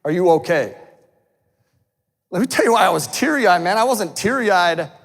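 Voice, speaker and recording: A motivational speaker gives a fired-up speech to a live audience, intense and swearing, calling people "man" again and again. His high, creaky, fairly bright voice is lively and a little fast, with a long reverb tail.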